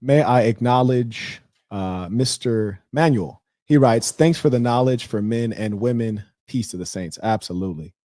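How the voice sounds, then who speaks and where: A man's voice: medium pitch, moderate pace, dark tone, no echo, studio quality. A man hosting a casual livestream, talking loosely with slang and mocking asides. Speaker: livestream host.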